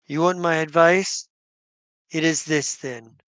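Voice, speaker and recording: A man plays a solemn female guardian in a tabletop game, handing out advice in grave, measured pronouncements. The voice sits a little high and is delivered very slowly. The sound is close and completely dry. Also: fairly even intonation, fairly bright tone, clear, resonant tone, dry recording. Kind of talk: tabletop role-play voicing.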